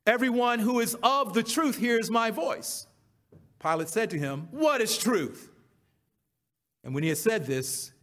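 A preacher with a high-pitched voice reads scripture aloud and breaks off to explain it. He swings between loud, emphatic cries and hushed, near-whispered lines. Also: very animated, a little slow. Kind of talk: sermon reading and expounding scripture.

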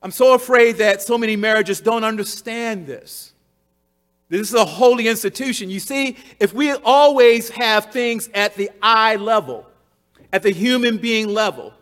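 High-voiced man preaching with emphatic repetition. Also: moderate pace. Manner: emphatic, repeats key phrases, swings from loud to hushed. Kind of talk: sermon.

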